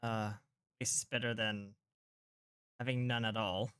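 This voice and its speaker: A man's voice: on the low side, little pitch movement, unhurried, fairly bright tone, clear, resonant tone, no echo, clean studio sound. A man playing a wry hero on new legs. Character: injured male hero on new synthetic legs.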